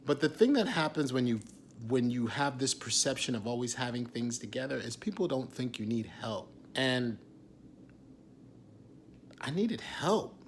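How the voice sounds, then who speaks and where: A man in his forties, an actor, talking candidly in a confessional vlog, raw and intense, often dropping to a hushed whisper and swearing freely. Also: medium pitch, lively intonation, unhurried, slight background noise. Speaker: actor and writer.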